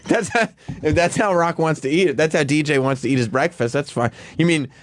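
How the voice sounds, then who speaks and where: A man's voice: a little high, brisk. A man chatting casually on a radio show, joking, laughing often and acting out quoted lines. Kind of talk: casual studio banter.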